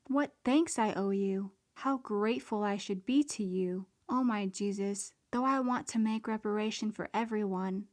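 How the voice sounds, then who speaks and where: A woman reads a devotional prayer text aloud in an earnest, prayerful manner. Her voice sits at a middle pitch and stays fairly even, with little melodic rise and fall. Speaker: devotional reader.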